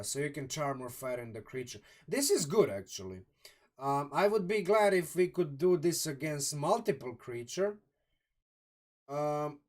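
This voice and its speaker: Man from Croatia, slightly high voice, live streamer mulling over rules out loud, relaxed and rambling. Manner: thinking aloud, many restarts and "um"s, chatty asides to viewers. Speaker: streamer reviewing a game sourcebook. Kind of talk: live-stream casual commentary.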